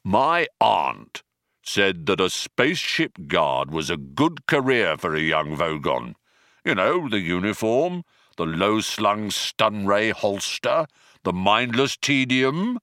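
A man voicing a dim-witted alien spaceship guard who talks in a slow, sluggish, booming way. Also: very animated, pushed and bright, no room sound, clean studio sound, full character voice. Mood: hesitant.

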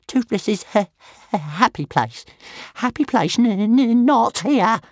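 A man voicing a tiny, timid male dragon in an audiobook, squeaky and stuttering, wailing and huffy, talking of himself by name. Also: expressive, unhurried, darkish tone, no echo, studio quality. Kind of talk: audiobook character voice.

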